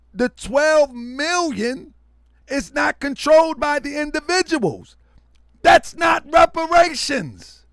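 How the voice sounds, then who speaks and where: A man with an unusually high, gravelly voice speaks. He hosts a livestream and talks to his viewers loudly and restlessly, repeating himself for emphasis. The sound is dry and close. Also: no echo. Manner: loud, rambunctious, repeats himself a lot; preachy, calls listeners family. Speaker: online show host. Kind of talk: livestream commentary talking to viewers.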